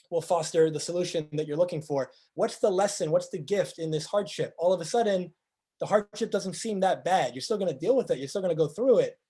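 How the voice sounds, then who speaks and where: A man with a high, mellow voice delivers a motivational talk. He speaks earnestly and stacks up rhetorical questions to drive each point home. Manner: earnest, acts out quoted speakers in lively voices. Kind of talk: motivational presentation.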